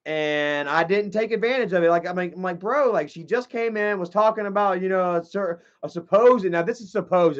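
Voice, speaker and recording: A man streaming live, telling a long, rambling, profane personal story and reading chat messages aloud. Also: sits high. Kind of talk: livestream storytelling. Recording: dull lo-fi stream audio.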